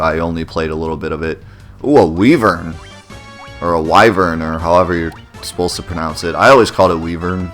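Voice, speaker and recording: A young man hosts a let's play, his voice sitting low with a bit of brightness. He chats casually and rambles in a self-deprecating way while playing.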